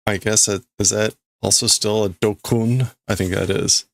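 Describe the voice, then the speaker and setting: A man's voice: fairly low pitch, steady tone, normal speed, gravelly. A man livestreaming as he reads and translates manga in a casual way, thinking aloud and often stopping to correct himself.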